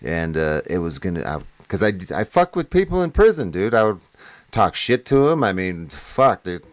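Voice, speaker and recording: Low-voiced man telling a profane story. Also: very animated, moderate pace, no echo. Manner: profane, rambling, laughing at his own story. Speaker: podcast guest telling a prison story. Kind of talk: casual storytelling chat.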